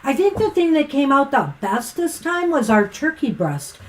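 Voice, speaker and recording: High-voiced chatty woman tarot reader. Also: sing-song, normal speed, slight background noise, poor audio. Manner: chatty, rambling, gently encouraging. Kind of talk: casual live-stream chat and card reading.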